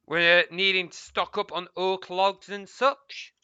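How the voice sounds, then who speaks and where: A man's voice: high voice, pushed and bright, highs cut off, slight background noise. Chatty, swearing man streaming a game. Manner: swears freely, mutters asides, chats to viewers. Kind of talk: casual gameplay stream chat.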